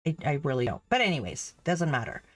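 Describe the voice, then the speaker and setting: Embroidering as she talks, a middle-aged former French teacher from Canada tells stories in a chatty way, laughing a lot and performing the voices of people she quotes. She speaks fast in a low-pitched voice with big swings in pitch.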